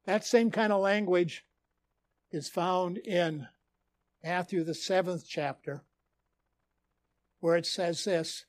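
A male pastor from Minnesota delivers a sermon in an earnest storytelling manner with dramatic emphasis. His voice is high and his pace deliberate and slow. The recording is dry and close, with no room sound. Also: fairly even intonation, no echo. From Minnesota, USA.

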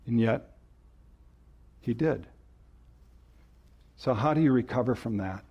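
A man's voice: mid-range voice, slow, pauses often, husky. A male pastor preaching a sermon, rising and falling sharply for emphasis and asking the congregation questions.

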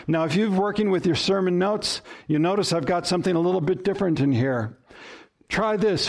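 A male pastor preaching a sermon in a slow, earnest way, growing soft and low toward tender closing words.

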